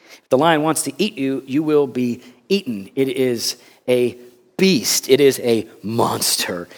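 A man with a mid-range voice and measured pace preaches a sermon as a pastor. He swings from loud emphasis to hushed tones, repeating words when he presses a point.

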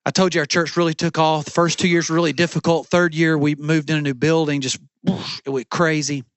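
A man's voice: a little high, level tone, brisk, no room sound. A middle-aged man preaching a sermon as pastor from a church stage, with an emphatic, repetitive cadence.

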